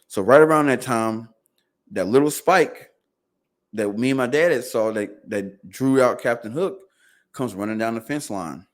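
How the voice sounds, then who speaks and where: A man's voice: mid-range voice, normal speed. A man guest on a podcast telling a long story in loose casual speech, acting out what his family said. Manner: animated, acts out quotes of family.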